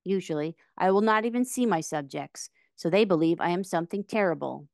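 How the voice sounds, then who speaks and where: A woman's voice: on the low side, a little fast, vocal fry, darkish tone, no room sound, studio quality. A woman reading aloud from a storybook, voicing a timid little old man posing as a wizard, meek and trembling.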